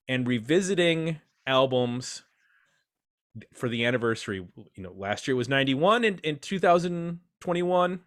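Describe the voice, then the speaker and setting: A man's voice: on the high side, a bit bright. A man hosting a casual podcast roundtable, chatty and self-deprecating as he introduces his guests. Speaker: podcast host.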